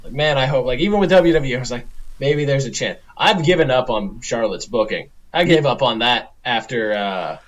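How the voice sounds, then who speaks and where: A man's voice: medium pitch, expressive, normal speed, highs cut off. A man co-hosting a podcast, ranting in casual chat with sardonic exasperation and repeated restarts. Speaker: podcast co-host.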